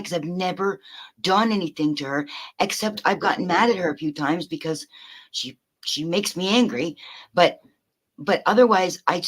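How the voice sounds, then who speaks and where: A woman in casual conversation, talking earnestly, often restarting her sentences and swearing casually as she works through her thoughts. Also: lowish voice. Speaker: host.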